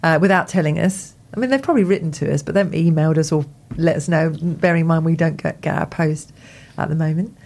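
A woman co-hosts a radio show, chatting casually and rambling from one thought to the next. Her voice sits a little low, and she laughs easily as she talks. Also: fast talker, few pauses, a little mellow. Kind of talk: casual on-air chat.

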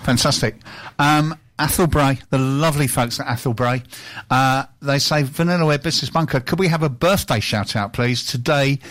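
A man hosting a radio show, bantering casually in the studio and reading out listener shout-outs, stumbling and laughing at himself easily. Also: medium pitch, moderate pace, hardly any pauses. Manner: chatty, self-mocking, stumbles and laughs easily.

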